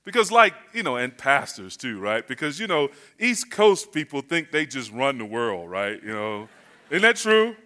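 A man's voice: medium pitch, very animated, moderate pace, pushed and bright. A man from North Carolina preaching as a guest pastor, telling funny stories in a folksy, chatty way. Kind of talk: sermon with humorous storytelling. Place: church.

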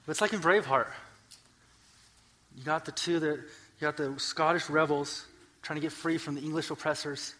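Male pastor, fairly high and bright voice, sermon delivery, dynamic swings from hushed to loud, some humor. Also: steady tone, normal speed, long pauses. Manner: builds scripture lists to loud, emphatic climaxes; drops to quiet, earnest explanation between peaks. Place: church sanctuary.

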